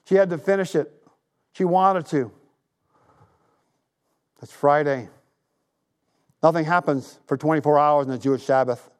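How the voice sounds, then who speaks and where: A man's voice: on the high side, a little slow, pauses often, clean tone. A man in his sixties preaching a sermon, retelling a story with emphasis and making earnest appeals. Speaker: pastor.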